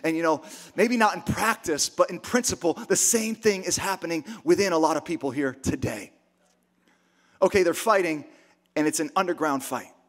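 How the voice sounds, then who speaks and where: A man preaching a sermon as pastor, emphatic and energetic, full of rhetorical questions. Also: fairly high pitch, normal speed.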